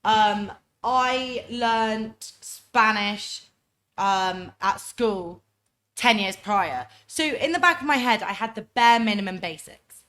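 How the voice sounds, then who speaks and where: A young woman from England with an English accent, telling travel stories on a casual podcast, loud and chatty. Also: medium pitch, expressive, takes it slowly. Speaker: podcast co-host. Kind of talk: casual chat, storytelling.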